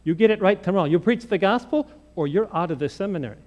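A man's voice: sits high, expressive, quick pace. A man voicing a stern male dean of students, scolding firmly. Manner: firm, scolding.

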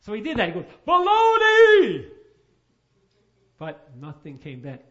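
Male pastor preaching, storytelling, lots of rhetorical questions, highish voice, muffled lo-fi sound. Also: very animated, quick pace, a bit bright. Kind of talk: sermon.

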